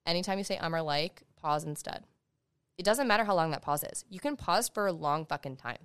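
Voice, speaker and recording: A young woman, a law student guest on a podcast, talking fast and emphatically in casual conversation as she gives advice. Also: deep voice, lively intonation, fairly bright tone, clean tone, no room sound.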